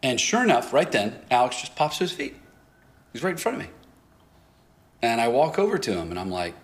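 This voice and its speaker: A man's voice: mid-range voice, quick pace. A man pastor telling a story in a sermon, acting out both sides of a conversation and often laughing as he talks. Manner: animated storyteller, acts out dialogue, laughs often.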